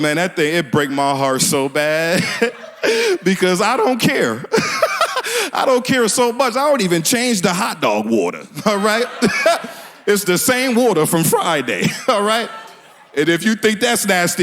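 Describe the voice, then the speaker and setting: A man's voice: high-pitched, fairly bright tone, slight background noise. A man from doing a stand-up comedy set on a small theater stage, laughing at his own jokes and talking in loose street slang.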